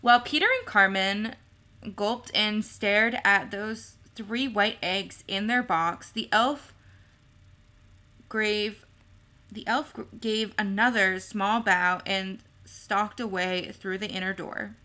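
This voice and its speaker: A woman's voice: mid-range voice, fairly even intonation, pushed and bright. A woman reading a novel aloud at a careful pace, now and then stumbling and correcting herself. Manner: slow, careful, small slips and self-corrections. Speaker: storybook reader.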